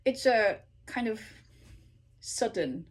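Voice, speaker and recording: A woman and native English speaker teaching how she practices an aria, who breaks into slow sung Italian phrases and asks "okay?" again and again. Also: fairly high pitch, animated, slightly rough. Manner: repeats sung Italian phrases slowly, checks in with "okay?" constantly. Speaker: singer teaching her practice method. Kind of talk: casual vocal tutorial.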